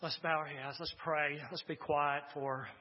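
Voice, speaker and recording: A male pastor preaches a sermon full of impassioned, emphatic declarations, then leads a prayer in a church sanctuary. His voice is fairly high with little pitch movement, delivered at a measured pace. The recording sounds dull and lo-fi, with long reverb.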